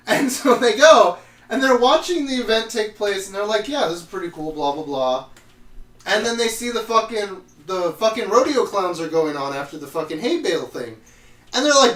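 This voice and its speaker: Brief: high-pitched guy on a podcast, rambling and cursing, in an echoey room a bit off the mic. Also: big pitch swings, moderate pace, fairly bright tone, distant mic. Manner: rambling, swears often, trails off mid-sentence. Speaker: podcast co-host. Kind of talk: casual chat recapping episodes.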